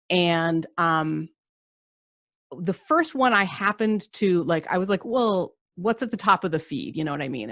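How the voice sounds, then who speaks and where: A woman hosting a podcast, telling a story in an animated, rambling way and laughing often. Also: on the low side, dry recording, clean studio sound. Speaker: podcast host. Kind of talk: casual conversation.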